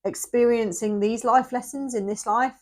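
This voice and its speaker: A woman's voice: fairly high pitch, steady tone, normal speed. A woman giving a tarot reading to the camera, close to tears and speaking straight to the viewer, sometimes dropping to a whisper. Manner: emotional, addresses viewer directly, often drops to a whisper. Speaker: tarot reader.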